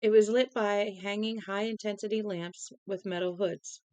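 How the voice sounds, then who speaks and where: A young woman reads a novel aloud to a livestream audience in a medium-pitched, somewhat mellow voice that is clear and resonant, with fairly even intonation and normal speed. The audio is poor but has no echo. Tired and yawning, she's chatty, stepping away from the text for casual asides to chat.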